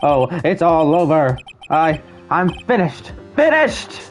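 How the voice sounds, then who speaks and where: A man's voice: sits high, animated, normal speed, pitched above the performer's own voice. A man voicing a panicky, melodramatic young man from a game who wails about his doom, with music faint behind. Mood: sobbing. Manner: wailing, over the top. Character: panicky young male best friend, melodramatic.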